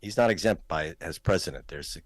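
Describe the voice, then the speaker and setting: A man's voice: deep voice, fairly quick, no room sound. A man, a guest filmmaker, talking in a political talk show, emphatic and pointed, raising his voice to stress points.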